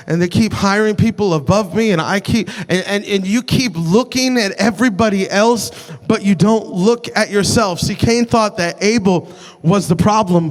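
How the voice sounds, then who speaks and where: High-voiced impassioned male preacher, reverberant hall. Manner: impassioned, repeats phrases for emphasis, frequent restarts. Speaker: pastor. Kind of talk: sermon. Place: large church sanctuary. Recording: long church hall reverb.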